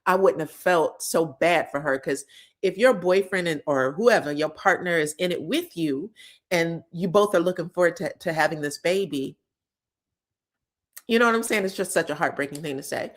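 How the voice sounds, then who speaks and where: A woman in casual chat, recapping reality-show scenes for viewers with animated, emotional delivery and free swearing. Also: on the low side, normal speed. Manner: retells scenes in others' voices.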